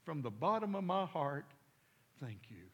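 A man's voice: sits high, animated, measured pace, pushed and bright, muffled recording, voice pushed up, heavily acted. A preacher voicing an old, down-on-his-luck drunk man with white whiskers, speaking in a raised, pleading voice. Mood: grateful.

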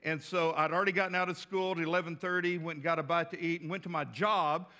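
A man in his sixties preaching in a folksy, animated way, slipping into voices as he tells stories. His voice sits high for a man and rings bright. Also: fast. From West Texas. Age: 60s. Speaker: pastor. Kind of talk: storytelling sermon.

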